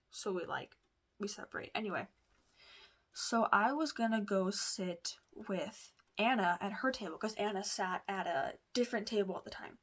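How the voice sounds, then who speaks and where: A woman vlogger chats through a personal story at a middle pitch, rambling and confiding. She backtracks, restarts her sentences and fills her pauses with "like" and "um.". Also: fairly bright tone. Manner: rambling, lots of fillers and restarts; chatty, confiding. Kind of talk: casual storytelling.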